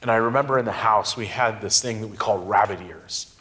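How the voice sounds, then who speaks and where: A middle-aged man giving a sermon, speaking in a slow, reflective way with emphatic pauses. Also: lowish voice, fairly even intonation, pushed and bright. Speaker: pastor.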